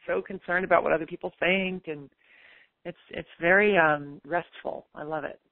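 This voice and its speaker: A woman's voice: on the low side, fairly even intonation, moderate pace, no room sound. Upbeat woman in her fifties, phone line. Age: 50s. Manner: upbeat, emphatic, self-assured. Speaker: guest author. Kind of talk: podcast interview. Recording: tinny phone line, dry.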